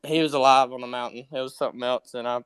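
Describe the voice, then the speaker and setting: A man telling a friend's story in a casual, animated way, often breaking into laughter. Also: medium pitch, fast, clean tone, no echo. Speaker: friend sharing a memory.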